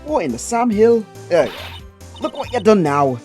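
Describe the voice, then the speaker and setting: A man's voice: high-pitched, big pitch swings, normal speed, darkish tone, soft background music, pitched above the performer's own voice. A man putting on a brash Southern drawl to voice a bossy, middle-aged woman photographer in a video game playthrough. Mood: scolding. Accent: put-on American Southern drawl. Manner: bossy, scolding, folksy.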